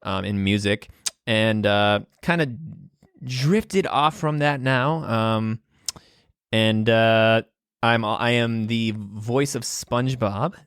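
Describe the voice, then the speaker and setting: A man's voice: fairly low pitch, takes it slowly, fairly bright tone, clean tone, no room sound, clean studio sound. A man in his twenties from Wisconsin hosting a casual solo podcast from a room at home, talking in a rambling, hesitant way with many ums and restarts and frequent laughs. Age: 20s. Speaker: podcast host. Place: room at home with guitars on the wall.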